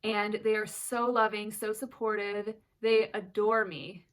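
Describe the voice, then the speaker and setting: A woman's voice: mid-range voice, little pitch movement, a little slow. A woman in her thirties speaking in a candid personal vlog, earnest and emotional, close to tears at times. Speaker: mother of twin daughters sharing her story.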